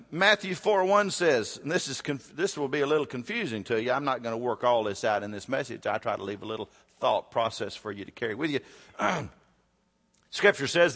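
A male preacher delivers a sermon, rising to loud peaks and dropping to a hush. His voice is bright and forceful. It carries with the long reverb of a large church hall. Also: medium pitch, brisk. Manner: dynamic, swings from loud to hushed, rhetorical questions.

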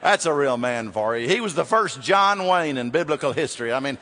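A man preaching a sermon. He swings from loud to hushed and asks rhetorical questions, with long hall reverb. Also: a little high, very animated, fairly quick, few pauses.

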